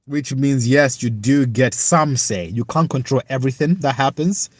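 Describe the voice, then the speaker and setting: A young UK man streams live, working through viewers' comments and answering them in an earnest, thoughtful, halting way. His voice is medium-pitched, and the recording has no echo.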